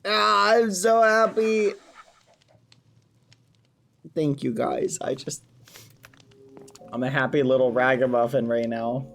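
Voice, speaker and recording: A young man voices his character in a game-server roleplay, full of gasps and joyful exclamations. He talks in slow, drawn-out phrases. He is close on the mic. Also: medium pitch, vocal fry, fairly bright tone. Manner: gasping, overjoyed, exclamatory. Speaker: streamer playing a roleplay character.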